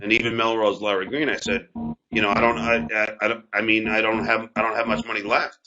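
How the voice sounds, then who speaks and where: A man defending himself on a talk show, telling a story with halting, stammered, repeated words. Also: on the low side, level tone, noisy background. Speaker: comedian and show host. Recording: dull lo-fi sound.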